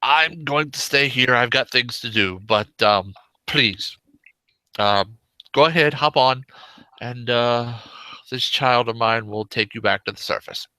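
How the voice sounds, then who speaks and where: Guy doing a polite formal brotherhood leader, slow and low, bright and punchy. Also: no echo, rough recording. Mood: courteous. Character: courteous male leader of an underground brotherhood.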